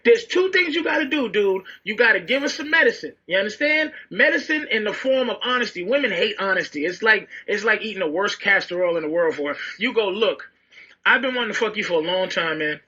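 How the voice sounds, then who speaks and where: Brash man with a high, bright, raspy voice. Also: lively intonation, brisk, hardly any pauses, highs cut off. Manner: brash, blunt, laughing through his story. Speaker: comedian on a radio show clip. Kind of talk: loud storytelling advice.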